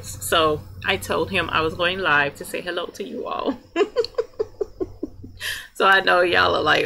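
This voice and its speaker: A woman's voice: medium pitch, measured pace, pushed and bright. A woman hosting a casual live chat, greeting viewers by name and laughing often while she works. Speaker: livestream host. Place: workroom with embroidery machine running. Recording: clear machine hum behind voice. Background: embroidery machine noise.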